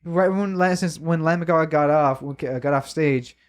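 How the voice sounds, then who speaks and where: A man co-hosting a podcast, telling a story in casual chat, emotional and animated, swearing a lot. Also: fairly high pitch, normal speed, smooth. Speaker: podcast co-host.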